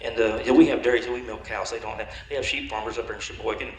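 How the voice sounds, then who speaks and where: A man's voice: fairly low pitch, steady tone, fast, slight background noise. A man doing folksy comedy banter on stage, rambling and chuckling through tongue twisters. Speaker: comedy show performer. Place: convention dinner show hall. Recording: echoey hall on stage mic.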